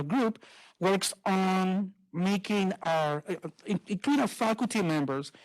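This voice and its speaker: A woman's voice: low voice, darkish tone. A woman speaks at a college town hall, a little out of breath. Her delivery is chatty and hesitant, with many fillers between names and points. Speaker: college committee lead.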